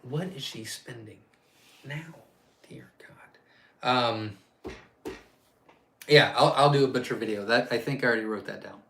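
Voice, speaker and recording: A man's voice: medium pitch, measured pace, vocal fry, long pauses, background noise. Chatty man hosting a live Q&A. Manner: chatty and rambling, reads viewer questions aloud and answers off the cuff. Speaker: quail farm owner hosting a live Q&A. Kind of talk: casual live-stream Q&A.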